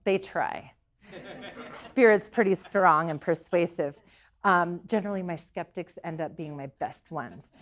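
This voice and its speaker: A woman's voice: fairly low pitch, a little slow. A middle-aged woman giving an earnest talk to a local group, telling stories and sometimes repeating herself. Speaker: psychic medium giving a talk.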